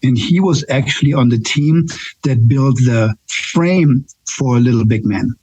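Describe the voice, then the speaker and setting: A man's voice: medium pitch, measured pace, dark tone, breathy edge, no room sound, rough recording. A man in his sixties with a German accent, a nurse guest telling candid stories in a casual interview, often checking in with "right?". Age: 60s. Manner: candid, storytelling with frequent "right?" tags.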